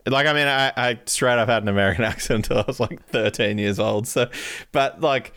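A man's voice: medium pitch, brisk, a bit bright, no echo, clean studio sound. A man chatting casually as a podcast guest, rambling through his answers and laughing between them.

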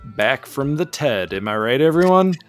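A man voicing a brash, boisterous middle-aged dad who jokes loudly and shows off. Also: medium pitch, sing-song, normal speed, soft background music, voice pushed up, lightly acted. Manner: loud, showy exclamations.

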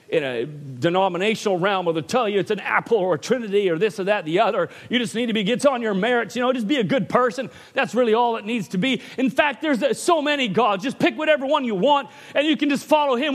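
A man preaching a sermon in church, animated and often asking for an "Amen". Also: high-pitched, quick pace.

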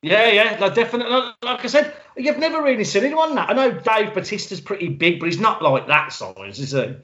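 High, lively man, excitable co-host. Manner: excitable, quick to exclaim and laugh. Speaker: podcast co-host. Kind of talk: casual film podcast chat. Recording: dull lo-fi sound.

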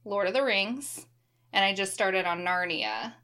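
Casual woman, 30s, bright edge, swears freely. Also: mid-range voice, a little slow. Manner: relaxed, swears casually, enthusiastic. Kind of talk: casual chat.

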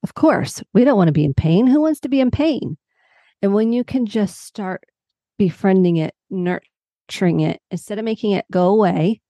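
A woman guest who works as a psychotherapist, telling a personal story in lively conversational talk and acting out the people she quotes. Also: mid-range voice, moderate pace, no echo, muffled recording. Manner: animated, warm storyteller who acts out quotes.

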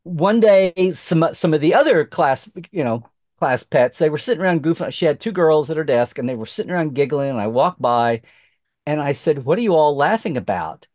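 A middle-aged man from Oklahoma, a podcast guest, telling a lively story in casual chat, acting out quoted voices with many restarts. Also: a little high, a little fast, dry recording, clean studio sound.

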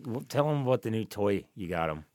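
A man's voice: fairly low pitch, lively intonation, fairly quick, darkish tone, no room sound, studio quality. A man co-hosting a podcast, telling stories in a casual, profane, ranting way. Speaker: podcast co-host. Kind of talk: casual chat.

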